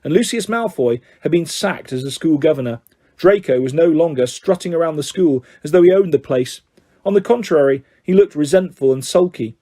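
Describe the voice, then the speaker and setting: Male audiobook narrator: steady storytelling, warm and a bit high. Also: brisk. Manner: steady storytelling with voiced dialogue. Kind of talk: scripted narration.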